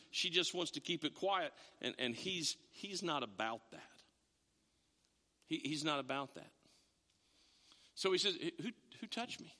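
A man preaching a sermon as a pastor, in an animated, conversational way with frequent restarts. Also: sits high, in a large hall.

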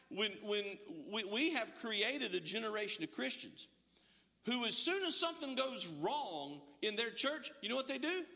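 A man's voice: high voice, sharp tone, big-room sound. A male pastor preaching an emphatic, streamed sermon, full of rhetorical questions and stammered restarts. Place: church, large hall, streamed.

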